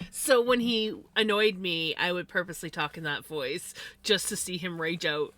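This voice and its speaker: Chatty woman with a bright, dry voice. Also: lowish voice, measured pace, no room sound. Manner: rambling, chatty, many "like" fillers. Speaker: livestream host. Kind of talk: casual chat while crafting.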